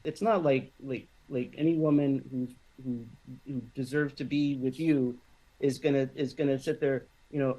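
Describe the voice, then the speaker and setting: A man in a casual podcast conversation, telling a personal story in a halting way, with many restarts and fillers. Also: mid-range voice, fairly even intonation, warm tone, rough recording. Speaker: podcast guest.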